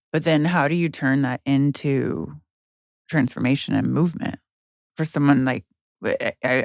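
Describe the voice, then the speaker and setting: A woman hosts a podcast, asking reflective and empathetic questions. Her voice carries a gravelly fry. The recording is dry and close. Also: extremely low pitch, dry recording. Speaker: podcast host. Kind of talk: interview questions.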